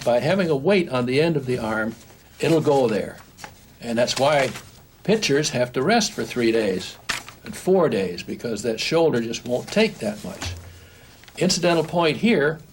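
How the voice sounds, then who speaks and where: An older man teaching animation in a recorded home-video lesson, explaining step by step while he draws, with frequent restarts. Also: medium pitch. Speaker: animation instructor. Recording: faint background noise, old home video.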